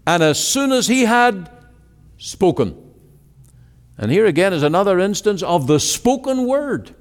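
Male preacher, slow and deliberate, swinging from ringing exclamations to quiet low words; long hall reverb. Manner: quotes scripture in old-fashioned wording. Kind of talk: sermon. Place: meeting hall.

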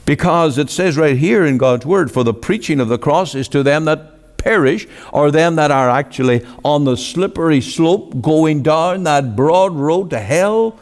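A man preaching in a church with a lively, swooping delivery, slow and deliberate. His voice rises into urgent appeals and sinks into hushed phrase endings. A long hall reverb trails every line. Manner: emphatic, swings between loud rising appeals and low drawn-out endings. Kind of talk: sermon.

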